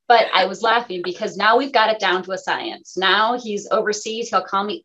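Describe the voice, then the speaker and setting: A woman hosting a radio talk show in casual chat, animated and laughing, acting out quotes. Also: medium pitch, brisk, hardly any pauses, muffled recording.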